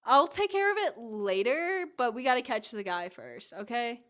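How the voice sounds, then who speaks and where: A woman co-hosting a podcast, chatting casually as she retells a TV episode with lively acted-out quotes. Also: fairly high pitch, normal speed, lo-fi sound. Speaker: podcast co-host. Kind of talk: casual chat recapping a TV episode.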